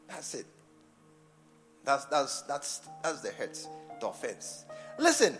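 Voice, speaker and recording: Animated high-voiced Ghanaian preacher. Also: male voice, measured pace, pauses often. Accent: Ghanaian English. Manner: animated, repeats phrases, swings from loud emphasis to near-whispers. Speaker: archbishop preaching. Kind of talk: sermon. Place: church. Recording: church hall reverb with faint music.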